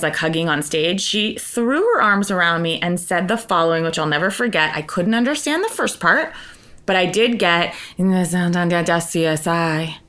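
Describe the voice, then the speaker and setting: A woman co-hosting a podcast, telling gossipy stories in casual chat with lots of "like" and quick asides. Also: lowish voice, sharp tone. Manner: gossipy, chatty storytelling full of "like" and asides. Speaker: podcast co-host.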